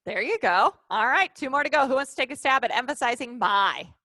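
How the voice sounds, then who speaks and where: A woman's voice: sits high, lively intonation, brisk, pushed and bright, no echo. Woman trainer on a video call, upbeat, coaxing folks along, dry close sound. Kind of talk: live online training session.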